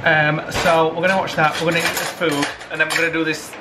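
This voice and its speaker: A man's voice: a little high, level tone, quick pace, very noisy. Man, West Yorkshire accent, cheerful casual chat, echoey kitchen, dishes clattering behind. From West Yorkshire, England. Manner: cheerful, playful. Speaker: vlog co-host. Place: home kitchen.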